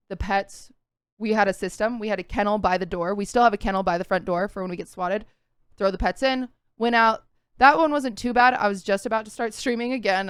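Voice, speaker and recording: A woman's voice: medium pitch, clear, resonant tone, no room sound, studio quality. A young woman co-hosting a casual podcast, earnestly retelling a story in vivid detail with frequent "like" fillers. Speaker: podcast co-host.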